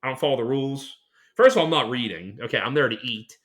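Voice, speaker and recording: A man's voice: mid-range voice, expressive, quick pace, a bit bright. A man co-hosting a casual podcast, boisterous and profane, with a Western Pennsylvania accent, often slipping into exaggerated impressions. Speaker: podcast co-host. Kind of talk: casual chat.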